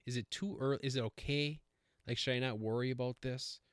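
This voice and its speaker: A man's voice: mid-range voice, fairly even intonation, brisk, smooth, dry recording, studio quality. A man hosting a casual solo podcast, rambling with many fillers and self-corrections. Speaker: podcast host.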